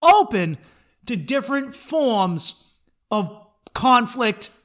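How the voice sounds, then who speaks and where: A man's voice: very high voice, big pitch swings, slow, fairly bright tone. A man hosting a comedy podcast alone, ranting bluntly and swearing a lot. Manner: profane, blunt, opinionated. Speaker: podcast host. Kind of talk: solo comedic rant.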